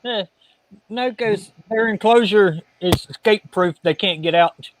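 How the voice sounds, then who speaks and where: A man calls into a live stream and answers in short, matter-of-fact lines. His voice sits quite high for a man. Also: a little slow, noisy background. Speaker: guest caller. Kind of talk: casual chat.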